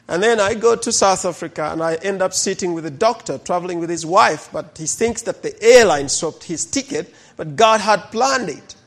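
A middle-aged pastor tells stories from the pulpit in a fairly high voice. He talks with a lot of life and slips into the voices of the people in his stories. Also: vocal fry. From Uganda. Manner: animated storyteller who acts out the people in his stories. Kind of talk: sermon testimony storytelling.

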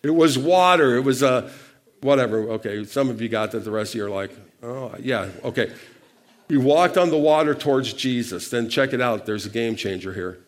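Lively preacher man with call-and-response. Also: mid-range voice, a little fast. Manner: animated, shifts loudness for emphasis. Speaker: pastor. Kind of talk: sermon.

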